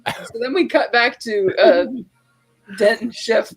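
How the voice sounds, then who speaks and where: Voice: mid-range voice, slow, soft background music. A podcast co-host retelling a movie scene by scene in a casual, rambling way. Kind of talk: casual film recap.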